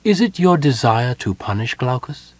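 A man voicing a calm, devout young woman prisoner who speaks softly but firmly. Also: medium pitch, normal speed, no room sound, voice pushed up. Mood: serene.

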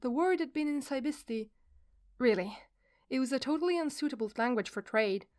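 A woman reading a fan fiction story aloud in a steady storytelling manner. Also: fairly high pitch. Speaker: reader.

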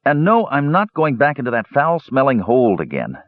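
A man's voice: mid-range voice, huge pitch swings, moderate pace, dry recording, narrow, tinny audio, voice pushed up. A man doing a weary, complaining young man. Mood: tired. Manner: tired, complaining.

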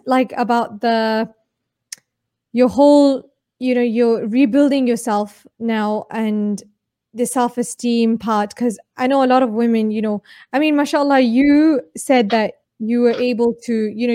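A woman interviewer asking questions in a soft, hesitant way, with fillers like "you know" and "like". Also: fairly high pitch, fairly even intonation, measured pace, no echo, studio quality. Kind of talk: conversational interview.

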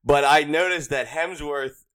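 A man's voice: on the high side, unhurried, a bit bright. A man co-hosting a podcast, chatting casually and often asking questions. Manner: conversational, questioning. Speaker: podcast co-host. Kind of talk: casual chat.

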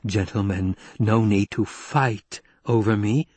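A man voicing a composed, persuasive captive noblewoman in low, measured, intimate tones. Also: expressive, darkish tone, slightly rough, no echo. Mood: coaxing.

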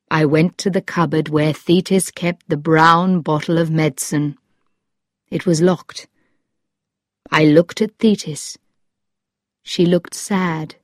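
A woman reading a story aloud in a calm, measured, plain narration style. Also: low voice, no room sound, studio quality. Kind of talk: slow, clear audiobook narration.

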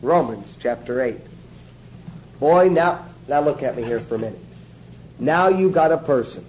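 A man's voice: mid-range voice, lively intonation, normal speed, a little mellow, a little hiss or hum, poor audio. A man giving a sermon-style teaching to a small group, emphatic and joking, repeating his instructions.

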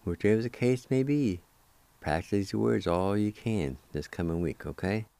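A man's voice: lowish voice, moderate pace, vocal fry, warm tone. A man hosting a radio language lesson, patiently spelling and repeating each word syllable by syllable. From Cherokee Nation, Oklahoma. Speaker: radio host teaching language. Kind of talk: slow spelling and pronunciation lesson.

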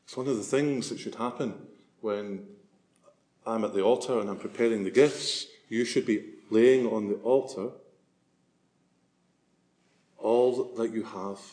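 A man's voice: fairly low pitch, measured pace, long pauses, warm tone. A man preaching a sermon as a priest, earnest and swelling to emphasis on key phrases.

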